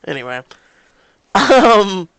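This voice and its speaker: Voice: medium pitch, sing-song, slow, vocal fry, a bit bright, smooth, dry recording. A YouTube gamer giving casual, rambling and candid commentary between story scenes, with many fillers and restarts.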